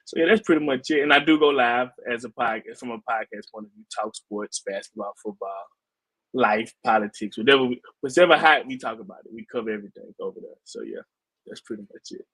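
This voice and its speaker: Man, podcast guest on a call, relaxed, dry sound, casual talk. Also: medium pitch, fast talker, husky, dry recording, low-quality recording. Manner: laid-back, easygoing, lots of "you know". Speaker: football player and podcaster guest. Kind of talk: casual interview chat. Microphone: video call.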